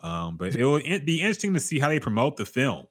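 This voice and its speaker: A man's voice: mid-range voice, very animated, fast talker. A man co-hosting a casual podcast, reacting to trailers and sports news with blunt, profane commentary. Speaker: podcast co-host.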